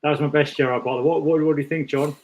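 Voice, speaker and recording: A man's voice: fairly high pitch, fairly even intonation, rapid-fire, a little mellow, low-quality recording. A Scottish man hosting a casual podcast chat over a call, joking and self-mocking. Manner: jokey, self-mocking banter. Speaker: podcast host.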